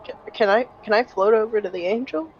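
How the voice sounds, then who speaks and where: A woman's voice: medium pitch, fairly quick, muffled recording, slight background noise. A woman playing in a tabletop game, talking in a hesitant way. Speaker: player.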